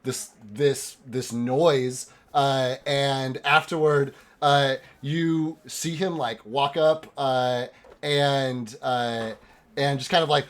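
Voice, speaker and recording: A man narrating as game master of a tabletop game, excitable and rambling, with lots of filler words. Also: medium pitch, takes it slowly.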